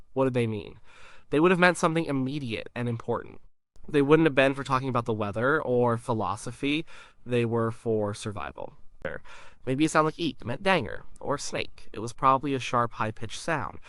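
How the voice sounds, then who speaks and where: A man reads an educational explainer in a measured, scripted way. His voice sits at an ordinary middle pitch. The recording is dry and close, with no room sound. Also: dry recording. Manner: explains calmly, sounds out syllables as examples. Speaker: narrator.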